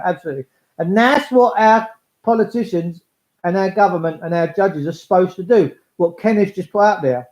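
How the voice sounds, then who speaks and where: A man's voice: sits high, a little mellow. A man talking in a rambling monologue, blunt and coarse, swearing freely and acting out voices. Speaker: speaker addressing listeners. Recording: echoey, dull lo-fi recording.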